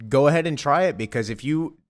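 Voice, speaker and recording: A man's voice: a little high, lively intonation, quick pace, pitched above the performer's own voice, close to an everyday voice. Give me a man voicing a teasing, wisecracking teenage heroine. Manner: teasing, quippy. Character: teenage girl hero, cocky, quippy.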